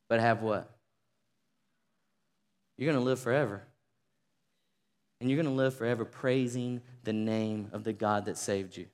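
A man preaching a sermon to a congregation, rising to fervent shouting and leading call-and-response. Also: medium pitch. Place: church sanctuary. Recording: long reverb of a large hall.

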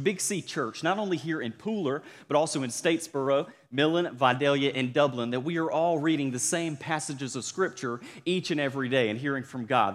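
A man's voice: a little high, a bit bright. A young man with a Southern accent, preaching as a student pastor and calling out to the congregation. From South Georgia, USA. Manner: upbeat, calls to the congregation. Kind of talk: sermon. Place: church sanctuary. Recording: long church reverb.

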